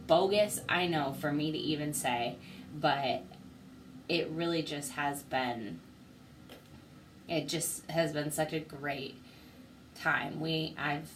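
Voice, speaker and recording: Slow, low-voiced young woman vlogging. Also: fairly bright tone, a little hiss or hum, poor audio. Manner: heartfelt and grateful, speaks through emotion. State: teary. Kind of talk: personal video diary.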